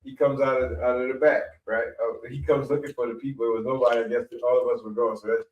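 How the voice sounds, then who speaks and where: A middle-aged man telling a story in a rambling, animated way, often repeating himself as a podcast guest. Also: mid-range voice, fast, lo-fi sound. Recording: echoey room, mic at a distance.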